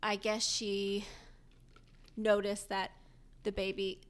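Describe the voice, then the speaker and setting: A young adult woman co-hosting a podcast, telling a story in casual chat, animated and often laughing as she acts out the people in it. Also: medium pitch, slow, clear, resonant tone. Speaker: podcast co-host.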